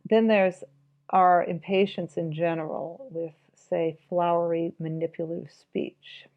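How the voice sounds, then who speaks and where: A woman's voice: fairly low pitch, steady tone, measured pace, narrow, tinny audio. A woman giving an informal, reflective spoken commentary on a book, musing aloud and reading passages from it.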